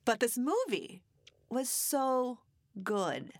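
A woman's voice: on the high side, dry recording, clean studio sound. A woman co-hosting a podcast, telling a long story in a chatty, laughing way. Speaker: podcast co-host. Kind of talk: casual chat.

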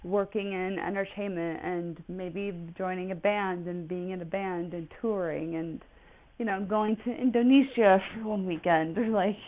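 A woman's voice: medium pitch, fairly even intonation, moderate pace. Chatty twenty-something woman, phone-tinny. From United States. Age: 20s. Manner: rambling, chatty, full of "like" fillers. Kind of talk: casual personal monologue.

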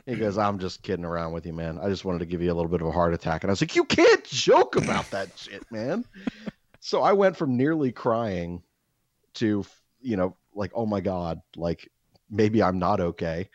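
A man co-hosting a podcast, telling a story in casual chat, animated and swearing as he acts out quotes. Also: deep voice, brisk, no room sound, dull audio. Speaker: podcast co-host.

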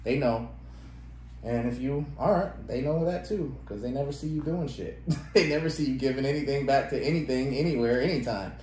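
A man co-hosting a casual podcast at an ordinary pitch. He laughs often and turns animated when he reads phrases aloud. The room echoes, with a faint hiss behind him. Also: fairly quick. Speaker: podcast co-host. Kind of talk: casual chat.

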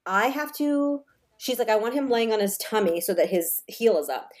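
Animated woman telling a story. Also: on the high side, normal speed. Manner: animated, acts out voices in her story. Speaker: podcast co-host. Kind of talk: casual storytelling chat.

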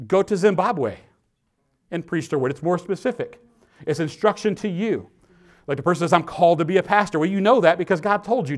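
A man preaching a sermon with lively emphasis, dropping to quiet asides and reading scripture slowly. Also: high voice. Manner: animated preaching, swinging between loud emphasis and quiet asides. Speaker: pastor.

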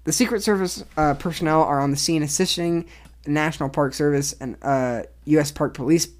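A young woman with a low, deep-set voice runs her own solo show about the news. She reads articles aloud and breaks off into blunt, opinionated asides, rambling and restarting as she goes. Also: brisk, darkish tone. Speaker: podcast host. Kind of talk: casual solo commentary on news.

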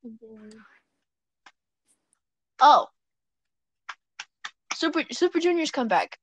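A young woman with a high, sing-song voice takes her time as she co-hosts a podcast from her bed at home. Her casual chat rambles, with giggles and self-corrections, and the rough recording has no echo.

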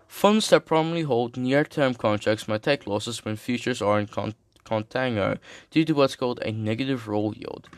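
A man's voice: medium pitch, smooth, no echo. Young man, slangy, jokey asides, stumbles over words, dry close sound. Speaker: streamer reading an article. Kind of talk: casual reading with commentary.

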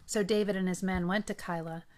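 A woman hosting a daily Bible reading, reading scripture in a measured way with brief asides. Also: on the low side, fairly even intonation, a little mellow.

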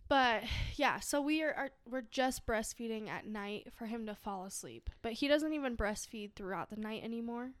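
A woman's voice: on the high side, normal speed, few pauses, dry recording. A young adult woman co-hosting a casual podcast, telling stories in a chatty way and laughing often. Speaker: podcast co-host. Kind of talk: casual chat.

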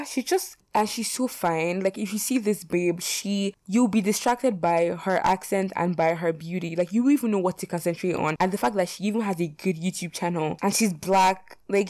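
A woman's voice: fairly low pitch, darkish tone, no echo, clean studio sound. A young adult woman chatting casually to her viewers, rambling and frank, with plenty of fillers and dramatic asides. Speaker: vlogger. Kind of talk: casual would-you-rather chat.

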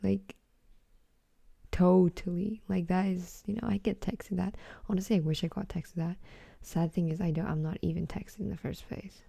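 A teenage girl talks through a casual solo podcast, giggling and swearing freely as she reads messages aloud. Her voice sits low and carries plenty of vocal fry, with a warm, mellow tone. The sound is close and dry. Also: fairly even intonation, normal speed, no echo. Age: teens. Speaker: podcast host.

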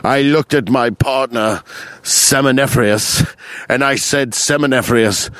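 A man voicing a pompous upper-class British gentleman with a put-on British accent, in slow, grand, mock-formal speech. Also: medium pitch, smooth, no room sound. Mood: grandly formal.

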